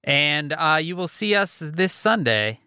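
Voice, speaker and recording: A man's voice: fairly high pitch, expressive, pushed and bright, smooth, dry recording. A man co-hosting a podcast from his basement, chatting casually and reeling off plugs with dry humor. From Chicago. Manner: wry, rattles off plugs quickly. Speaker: podcast co-host. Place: home basement.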